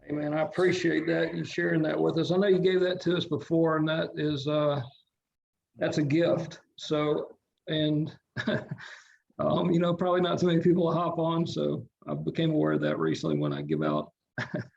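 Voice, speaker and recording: Gravelly man on a dull line. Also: on the high side, moderate pace, darkish tone. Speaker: host of a group call. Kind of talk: casual call hosting.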